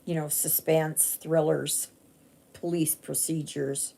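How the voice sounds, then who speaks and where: A woman from Canada stitches on a live stream, chatting and rambling with lots of fillers and restarts. Her low voice is gravelly and mellow, delivered flatly at a slow pace.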